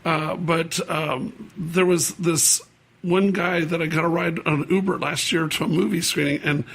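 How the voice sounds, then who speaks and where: A hoarse man hosts a podcast in a high-pitched, gravelly voice. He tells stories casually, halting over fillers. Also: fairly even intonation, fairly bright tone, low-quality recording. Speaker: podcast host.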